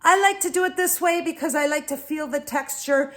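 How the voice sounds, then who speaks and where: A woman's voice: high-pitched, fairly quick, a bit bright. A woman hosting a home cooking lesson, chatty and explaining each step, a bit out of breath from kneading dough. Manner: chatty, talks viewers through each step. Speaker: cooking channel host. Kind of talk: casual cooking demonstration.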